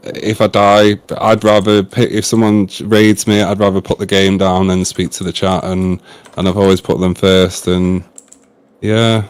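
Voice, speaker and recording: A man's voice: deep voice, level tone, a little slow, smooth, dry recording. A young man with a Manchester accent, chatting casually and openly as a streamer guest. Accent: Manchester English. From England. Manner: laid-back, open, chatty. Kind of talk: casual chat.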